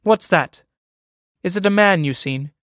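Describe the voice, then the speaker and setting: A sharp-tongued young tavern girl, teasing and scornful, as a man reads her part aloud from a stage play. Her voice sits fairly high and cuts with impatience. The sound is close and dry. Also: fairly even intonation, fairly quick, no echo, lightly acted.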